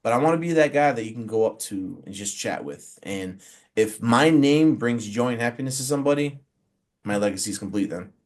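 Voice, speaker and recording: A forty-year-old man chatting as an interview guest, pitched in the middle for a man. He tells stories with lots of "um" and "you know," jumping into quoted lines with animated energy. The delivery is casual and earnest. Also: a little fast. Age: 40s. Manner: animated storyteller who acts out quotes, many fillers. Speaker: pro wrestler and referee guest.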